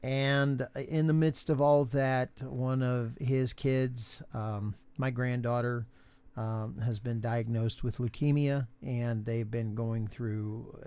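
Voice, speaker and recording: An older man co-hosting a podcast, talking in a halting, casual way with many fillers and restarts, recorded in a home studio. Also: medium pitch, fairly even intonation, dark tone, clean tone. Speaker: podcast co-host. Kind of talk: casual chat.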